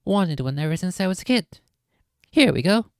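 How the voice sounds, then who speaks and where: Woman doing a loud, blustery, good-hearted giant of a man; low and booming, dry close sound. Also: animated, normal speed, no room sound. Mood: hearty. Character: huge gruff kindly man, a half-giant groundskeeper. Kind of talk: storybook reading with character voices.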